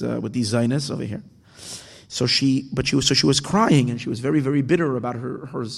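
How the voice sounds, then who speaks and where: Man, teacher, parable explanation, halting, restarts, mid pitch, long hall reverb. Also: vocal fry. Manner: halting, with many restarts and repeated words.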